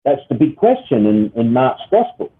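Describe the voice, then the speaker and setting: A man's voice: medium pitch, sing-song, moderate pace. A man teaching a Bible study lesson, explaining step by step and often checking in with "all right?" and "okay?". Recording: tinny phone-like sound.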